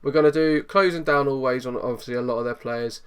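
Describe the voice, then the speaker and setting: A man giving excitable live commentary over a football management game, swinging from low muttering to loud outbursts. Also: fast talker, smooth. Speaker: gaming YouTuber.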